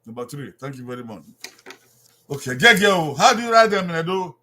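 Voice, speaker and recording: A man giving an informal language lesson, repeating phrases slowly for his listeners to follow. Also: a little high, very animated, pushed and bright. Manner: repeats phrases slowly, drawn-out call-and-response. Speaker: Edo language teacher.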